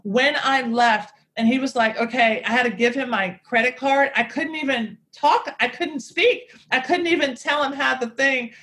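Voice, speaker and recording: A woman guest in a casual podcast chat, telling a story in an expressive, emphatic way. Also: high-pitched, moderate pace, hardly any pauses.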